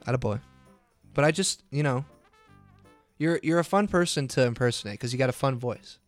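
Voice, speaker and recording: A man's voice: mid-range voice, fairly quick, faint music behind. Playful teasing man co-hosting a podcast. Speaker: podcast co-host. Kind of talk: casual podcast chat.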